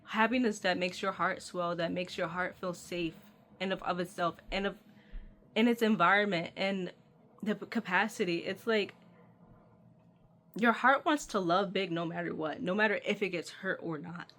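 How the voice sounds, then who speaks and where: A woman's voice: fairly low pitch, normal speed, a bit bright. A woman giving a channeled tarot reading, speaking straight to the listener in an earnest, affectionate way. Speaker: tarot reader.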